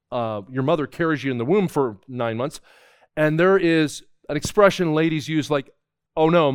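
A man's voice: on the high side, no echo, clean studio sound. A middle-aged man preaching a sermon, telling a childhood story and acting out the dialogue.

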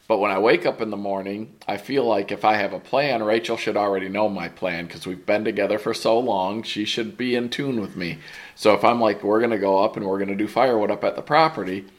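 A man co-hosting a podcast, telling teasing stories about his wife in a relaxed, joking chat. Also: on the low side. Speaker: podcast co-host. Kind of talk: casual chat.

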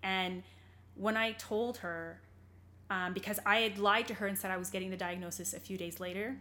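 A woman's voice: medium pitch, fairly even intonation, moderate pace, bright, forceful tone, a little hiss or hum. A young adult woman, an interview guest, telling a personal story candidly in conversation, earnest and rambling, with many fillers and restarts.

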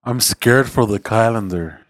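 A man telling dad jokes in a quiet, deadpan way during casual chat. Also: lowish voice, a little slow, dry recording.

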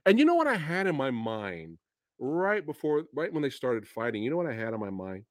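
A man hosting a casual livestream movie review, excitable and profane, often bursting into high laughter. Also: fairly quick, no room sound, studio quality. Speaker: podcast host.

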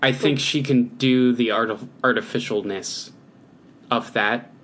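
A man's voice: medium pitch, fairly even intonation, measured pace, fairly bright tone, slight background noise. A man co-hosting a podcast in casual chat, agreeable and easygoing, often trailing off mid-thought. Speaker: podcast co-host.

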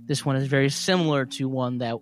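A young man with a West Virginian accent co-hosts a podcast presenting cryptid stories, chatting casually and reading aloud from his notes. His medium-pitched, steady voice moves fairly quickly, and he's giggly, laughing often as he reads.

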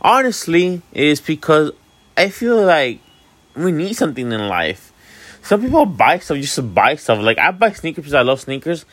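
With a fairly high, sing-song voice and a fairly bright tone, a sleepy Miami man in his twenties yawns through a casual vlog monologue at a moderate pace, with no echo. He's rambling and candid, dropping many fillers and swearing freely.

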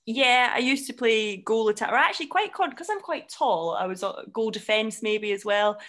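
A woman's voice: fairly high pitch, animated, normal speed, fairly bright tone. A Scottish woman in her thirties, a broadcaster chatting as a podcast guest, laughing often and restarting her sentences. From Scotland. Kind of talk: casual conversation.

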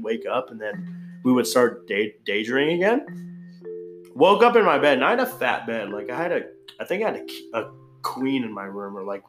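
Recorded in an echoey room with faint guitar music, a young man with a medium-pitched, fairly bright voice tells a crude party story in casual chat. He rambles, leaning heavily on fillers, especially "like."

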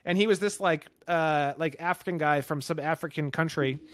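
A man's voice: fairly high pitch, moderate pace, no echo. A man hosting a podcast, telling wild workplace stories in casual, profane chat. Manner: profane, animated storyteller. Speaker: podcast host.

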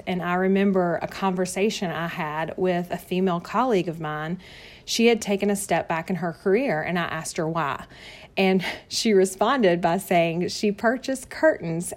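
A woman in her thirties from North Carolina with a Southern accent, hosting a podcast and telling her personal story in a chatty, friendly way that is quick to laugh, recorded in her home office. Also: lowish voice, darkish tone. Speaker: podcast host.

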